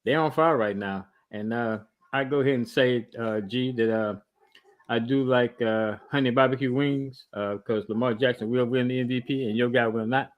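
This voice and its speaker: A man's voice: medium pitch, steady tone, lo-fi sound. A man with an ordinary mid-range voice, talking trash on a casual sports podcast. He stops and restarts often, piling on fillers as he makes his point. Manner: trash-talking, halting speech with many restarts. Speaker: podcast co-host.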